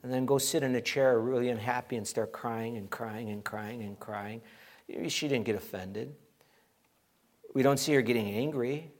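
A middle-aged man preaching a sermon as pastor, animated and emphatic, acting out quoted voices. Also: mid-range voice, normal speed.

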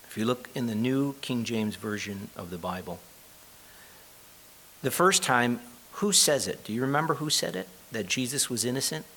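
A man's voice: medium pitch, fairly bright tone. A man preaching a sermon, reading scripture aloud and explaining it in a conversational way, sometimes asking the listeners questions. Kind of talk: sermon, Bible teaching.

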